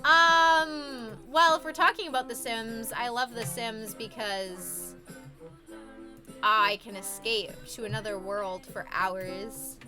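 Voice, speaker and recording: A woman's voice: a little high, steady tone, slow. A woman streaming live, chatting casually with her viewers, rambling and swearing as she gets worked up and reads chat messages aloud. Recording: music playing behind.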